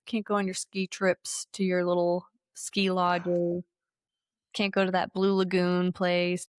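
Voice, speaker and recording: A woman in her thirties co-hosting a podcast, talking politics in a sarcastic, animated way with some swearing. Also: fairly low pitch, slow pace, clear, resonant tone, no room sound, clean studio sound. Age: 30s. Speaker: podcast co-host. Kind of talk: casual political chat.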